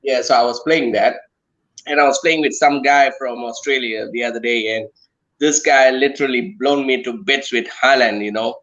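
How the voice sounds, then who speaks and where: A man's voice: mid-range voice, steady tone, moderate pace, a bit bright, dull audio. A man in a casual football chat, talking earnestly and often checking in with "you know" and "right". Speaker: guest on a watch-along.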